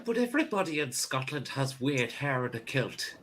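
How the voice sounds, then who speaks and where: A man voicing a rude, angry Scottish male security guard who swears loudly and shouts abuse. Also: mid-range voice, sing-song, normal speed, slight background noise. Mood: aggressive. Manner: loud, rude, swearing, hostile.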